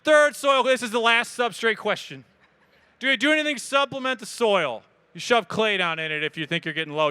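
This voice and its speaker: This is a man, giving a live talk at an expo and fielding questions from the crowd. His voice sits high, bright and very clear. He talks casually and with lots of energy, cracking jokes. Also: brisk. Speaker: speaker answering audience questions. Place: event hall with audience.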